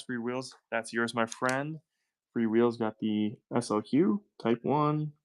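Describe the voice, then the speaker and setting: A man's voice: medium pitch, takes it slowly, a bit bright, clean tone, no echo. A man with a Southern US accent hosting a live-stream coin auction, talking in upbeat, chatty selling patter and thanking buyers by name.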